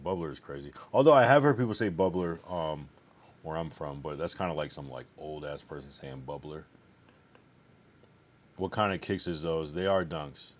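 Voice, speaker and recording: Deep-voiced man casually chatting on stream. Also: a little hiss or hum. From United States. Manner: loose, slangy and profane, reacts to chat messages. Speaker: livestreamer. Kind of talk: casual livestream chat, reading chat aloud.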